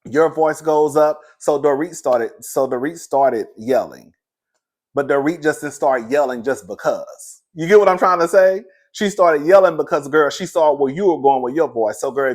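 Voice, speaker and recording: A young man recapping a reality show in casual, sassy commentary, laughing often and calling the listener "girl". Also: a little high.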